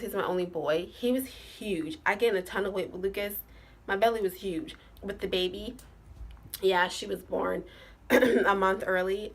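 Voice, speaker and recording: A woman's voice: on the low side, fairly bright tone. A woman vlogger telling a story to her viewers in a chatty, casual way, full of fillers and "like".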